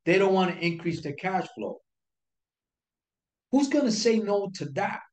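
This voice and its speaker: A man's voice: high-pitched, animated, a little slow, a little mellow. Man, sales coach, emphatic, repeats key points, rhetorical questions, roomy echo. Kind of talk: instructional talk to camera. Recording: echoey room.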